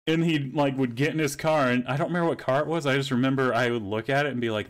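A young man in casual podcast chat, spinning long rambling stories. His voice sits at an ordinary middle pitch. He swears freely as he talks. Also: fairly even intonation, fast, few pauses. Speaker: podcast host.

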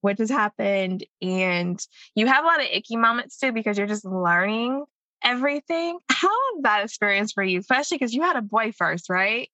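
A woman guest in a casual chat, expressive and quick to laugh, asking questions. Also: a little high, no echo, muffled recording.

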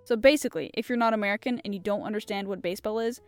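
A woman's voice: mid-range voice, very fast, dry recording, soft background music. A young woman hosting a show, chatting casually and giggling as she reads mystery puzzles aloud, rambling with many fillers. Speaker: podcast host.

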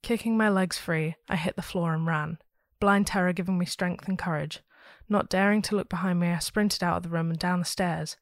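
Podcast host, woman, low pitch, reads ghost stories steadily and expressively. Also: steady tone, fairly quick, few pauses, dry recording, studio quality. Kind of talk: reading a listener's ghost story aloud.

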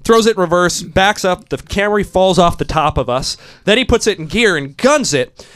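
A man with a slightly high voice tells a story in loose, casual chat. He is animated and profane, and he breaks into laughs partway through his sentences. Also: moderate pace, clear, resonant tone. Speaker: podcast host telling a story.

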